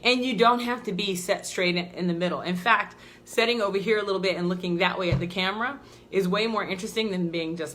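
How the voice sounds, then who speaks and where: Indoors in her office, a woman coaches viewers through a live video tutorial, upbeat and animated, with a lowish voice that is bright and forward. Because she moves around while talking, she sometimes drifts slightly off the mic.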